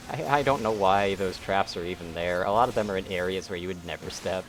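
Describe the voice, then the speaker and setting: A man's voice: low voice, a little fast, slight background noise. A man streaming a game, chatting casually and teasing his friends sarcastically. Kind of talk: casual chat while gaming.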